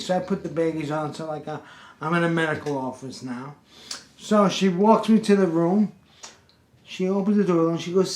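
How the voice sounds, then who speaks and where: A man telling a comic story in an animated, exasperated, streetwise way. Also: sits high, moderate pace. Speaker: pest control worker and storyteller. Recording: roomy echo.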